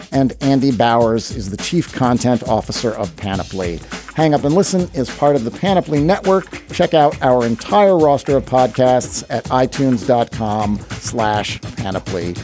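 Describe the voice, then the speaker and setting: A man's voice: mid-range voice, a little mellow. A man hosting a sports podcast, talking with playful sarcasm. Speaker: podcast host. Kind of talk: wry sports podcast commentary.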